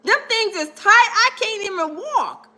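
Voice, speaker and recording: A woman voicing a blunt, indignant ordinary man who scolds loudly and raises her pitch. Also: animated, a little slow, heavily acted.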